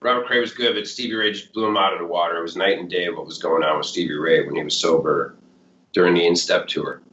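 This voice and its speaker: A man's voice: low voice, steady tone, quick pace, fairly bright tone, slight background noise. A man in his fifties with a Chicago accent, a blues musician telling his story in a casual interview, rambling with lots of "like" and "you know". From Chicago area. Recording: roomy, dull lo-fi sound.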